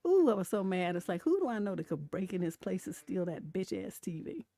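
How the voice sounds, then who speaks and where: A woman's voice: fairly low pitch, big pitch swings, a little fast, dark tone, no echo. A middle-aged woman, a relationship coach, hosting a casual live stream, telling stories bluntly with a lot of profanity and laughter. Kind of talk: casual livestream commentary.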